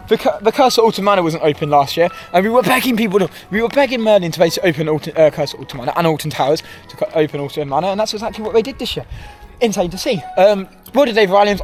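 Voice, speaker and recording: A young Englishman with a high, light voice rants in exasperation as he walks a frosty theme park, recording on a handheld camera. He rambles and corrects himself, and soft park music plays faintly behind him. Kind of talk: walking vlog commentary. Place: outdoors at a wintry theme park.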